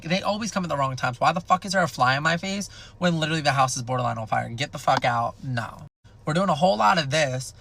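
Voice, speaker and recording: Creaky, bright-voiced young man telling a story. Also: on the high side. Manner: animated, profane, dramatic retelling. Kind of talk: casual storytime.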